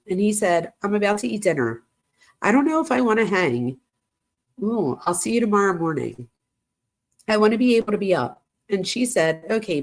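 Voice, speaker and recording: Chatty woman reading texts aloud. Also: fairly low pitch. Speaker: true crime commentator. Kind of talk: casual commentary reading text messages aloud.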